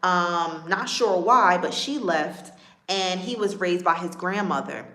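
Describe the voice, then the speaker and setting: A woman's voice: fairly low pitch, slow pace, bright, forceful tone, reverberant. A woman relationship coach talking on a live stream, earnest and emphatic, repeating her key points and checking in with "right?". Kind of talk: live-stream talk to viewers.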